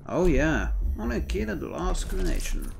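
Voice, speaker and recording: A man's voice: high voice, sing-song, brisk, gravelly, background noise. A man chatting playfully through a let's-play commentary, joking and swearing mildly. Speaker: gameplay commentator.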